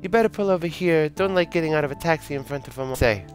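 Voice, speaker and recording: A man's voice: on the high side, quick pace, faint music behind, pitched above the performer's own voice, close to an everyday voice. A man doing a brash streetwise woman. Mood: hurried. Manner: pushy and wheedling.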